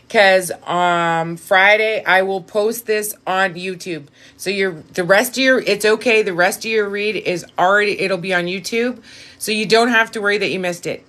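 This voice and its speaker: A woman doing a casual live-stream reading, talking straight to viewers, blunt and swearing freely, with sudden lifts of excitement and quiet asides. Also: medium pitch. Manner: bursts of excitement, then drops to a quiet aside. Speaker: live-stream tarot reader.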